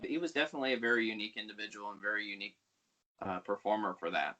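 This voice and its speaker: Bright-toned man telling fan anecdotes. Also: animated, very fast. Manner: storytelling, acts out quotes with raised pitch. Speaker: podcast guest, pawn shop worker. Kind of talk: anecdotal casual chat.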